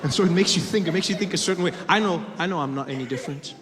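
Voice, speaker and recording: A man performing a stand-up comedy set, animated and laughing as he tells his stories. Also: a little high, rapid-fire, crowd noise. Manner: animated, laughing, shifts into voices. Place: live comedy stage. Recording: echoey live venue, faint noise.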